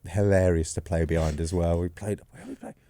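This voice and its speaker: Podcast guest, man, 40s: low mellow voice, dry studio sound, rambling self-deprecating storyteller. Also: steady tone, brisk, dry recording. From England. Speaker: podcast guest, former goalkeeper. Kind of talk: casual storytelling.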